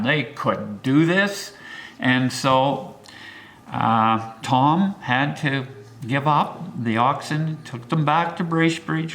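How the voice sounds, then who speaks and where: An older man, a local historian, telling pioneer history as a lively storyteller who swoops his pitch for emphasis.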